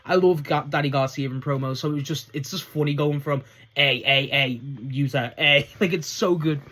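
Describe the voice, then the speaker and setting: A man with a slightly raised voice talks through a wrestling recap in a loose, rambling way, full of enthusiasm and casual swearing. The delivery is unscripted, with restarts and quick asides. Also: a little high, fairly even intonation. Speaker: wrestling show reviewer.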